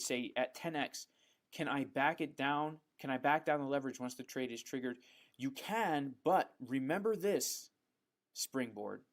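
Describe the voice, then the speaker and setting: Casual man hosting a live Q&A. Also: mid-range voice. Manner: relaxed and chatty, frequent ums, calls viewers bro. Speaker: livestream host answering viewer questions.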